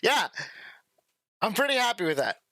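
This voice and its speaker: A young man with a high, bright voice chats casually into a close mic on his live stream. He is relaxed and rambling, with easy laughs, and his recording is dry with almost no room sound. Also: moderate pace, no echo. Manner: relaxed and chatty, laughs easily; rambling, with many restarts. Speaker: music arranger hosting a live stream.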